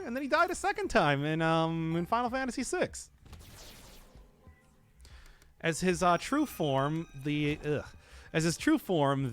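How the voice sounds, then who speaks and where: A man's voice: on the high side, fairly bright tone. A man streaming a video game, chatting in a jokey, rambling way with his viewers. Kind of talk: casual gaming stream chat.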